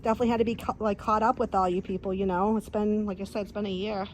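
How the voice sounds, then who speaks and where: A woman's voice: medium pitch, little pitch movement, racing, a little hiss or hum. A woman chatting casually on a phone live stream outdoors by a pool, rambling and teasing her dogs. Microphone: handheld phone. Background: dogs barking.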